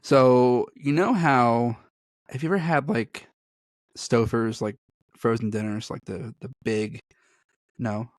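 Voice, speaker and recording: A man's voice: medium pitch, fairly even intonation, takes it slowly, long pauses, dry recording, studio quality. A man co-hosting a podcast in casual chat, rambling and self-deprecating, often breaking into laughter. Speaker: podcast co-host.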